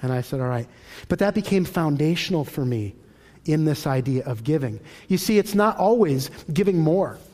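A man's voice: fairly high pitch, normal speed. A man teaching a church lesson in a conversational, storytelling way, acting out the dialogue in his anecdotes. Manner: lively storyteller who acts out dialogue, conversational. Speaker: Christian teacher. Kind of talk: sermon-style teaching with personal stories.

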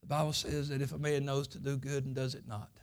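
A man's voice: mid-range voice, level tone, a little fast. A man preaching a Sunday school lesson, telling his own testimony in folksy, earnest, plain country speech. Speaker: pastor.

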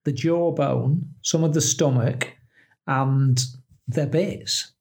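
A man's voice: medium pitch, slow, creaky, darkish tone. A middle-aged man, co-hosting a podcast in casual chat, joking and laughing often as he reads out what he finds. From England. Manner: jokey, laughs often, reads out search results. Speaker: podcast co-host.

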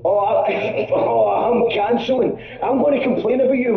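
A man's voice: extremely high pitch, steady tone, moderate pace, gravelly, highs cut off. A man making a comic complaint call, exasperated and ranting, repeating himself. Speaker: caller.

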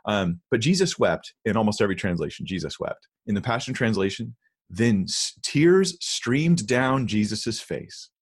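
In a conversational podcast, a man talks earnestly and emphatically about Bible translations, reading verses aloud slowly. His voice is on the low side, expressive, and slightly rough.

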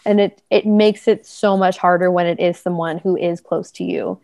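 Animated woman with a lowish voice. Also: moderate pace, gravelly, no echo, clean studio sound. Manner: animated, acts out quoted speech, many fillers. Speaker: podcast co-host. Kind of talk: casual conversation about relationships.

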